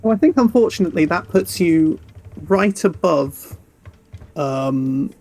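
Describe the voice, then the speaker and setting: A man runs a tabletop game as game master. He narrates slowly in a fairly high voice, pausing with fillers as he sets scenes and calls for rolls. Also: animated, a little mellow. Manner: unhurried, with fillers.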